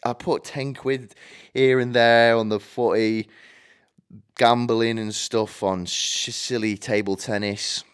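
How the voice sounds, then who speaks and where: At a medium, even pitch, he speaks slowly and smoothly. The speaker, a British podcast host in his twenties, drifts through an anecdote, poking fun at himself and swearing in rough slang.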